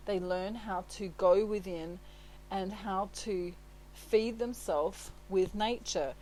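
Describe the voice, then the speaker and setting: Woman, tarot reader, casual chat, reassuring, laughs a lot, mid-pitched voice. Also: a little mellow, slight background noise, low-quality recording. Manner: chatty and reassuring, laughs often; leans on tags like "right?" and "you know". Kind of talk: casual spoken tarot reading.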